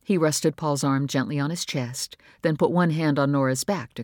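A man's voice: a little high, no room sound. Man narrating a novel in a dry voice. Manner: measured, even storytelling. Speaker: audiobook narrator. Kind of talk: scripted narration.

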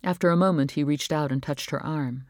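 A woman narrating a novel as an audiobook, reading in a calm, even, measured way. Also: deep voice, dry recording, studio quality. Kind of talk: scripted narration.

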